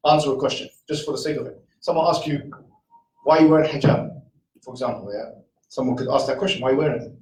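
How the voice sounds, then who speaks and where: A man's voice: on the high side, distant mic, a little hiss or hum. Man lecturing in an echoey room. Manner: argumentative, rhetorical questions, quick asides. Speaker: speaker. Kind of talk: casual lecture to a live audience.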